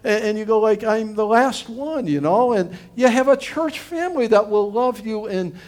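High, animated man preaching earnestly. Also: moderate pace. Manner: earnest, rambling, frequent restarts and fillers. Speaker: pastor. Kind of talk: conversational sermon.

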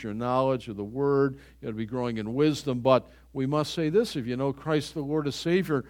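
A man's voice: mid-range voice, a little mellow. An older man delivers a sermon in a church. He preaches in an earnest, conversational way and often restarts his phrases mid-thought. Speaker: pastor.

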